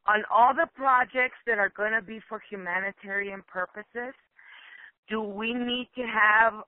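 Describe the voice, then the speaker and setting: A woman calling into a conference call, earnest and emotional, talking in halting bursts with fillers. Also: medium pitch, no echo. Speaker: caller. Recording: tinny phone line.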